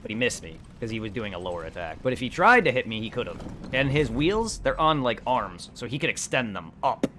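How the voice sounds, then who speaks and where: A young man streaming a game, chatting casually in a rambling, excitable way and swearing a lot. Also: mid-range voice, fairly quick, hardly any pauses, a little hiss or hum. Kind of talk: casual gameplay commentary.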